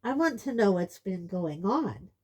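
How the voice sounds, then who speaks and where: A woman's voice: medium pitch, very animated, unhurried, mellow. Woman voicing an eager teenage boy. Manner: urgent, questioning.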